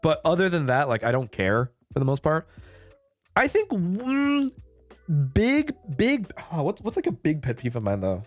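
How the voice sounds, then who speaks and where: Laid-back male streamer, casual chat with swearing, animated delivery, faint music bed. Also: a little high, normal speed. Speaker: VTuber streamer.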